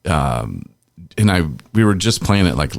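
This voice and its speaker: Middle-aged podcast guy, real low gravelly voice, rambles on and chuckles, dry close mic. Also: sing-song, unhurried, no echo. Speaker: podcast host. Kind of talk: casual podcast chat.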